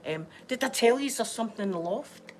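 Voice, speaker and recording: A woman's voice: on the high side, animated, brisk, background noise. A woman with a Scottish accent, unwell, chatting casually and rambling in a home vlog. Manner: chatty, rambling, laughs often. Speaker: vlogger.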